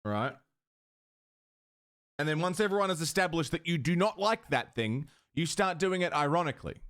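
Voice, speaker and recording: Australian man, live streamer, slightly high voice, swings up and down a lot, joking and sweary. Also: animated, normal speed, fairly bright tone. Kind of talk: casual live stream chat.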